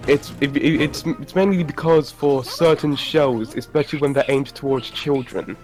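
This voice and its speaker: A man's voice: mid-range voice, moderate pace, a little mellow. Stammering man from northern England. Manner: stammering, eager explainer. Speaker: co-host. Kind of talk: casual chat. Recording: faint music under the voice.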